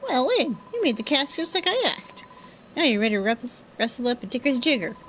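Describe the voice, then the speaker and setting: A woman's voice: high voice, animated, a bit bright, slight background noise, rough recording. A woman voicing a brash, bossy young girl with cockney slang who orders people around. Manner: brisk, commanding, working-class slang.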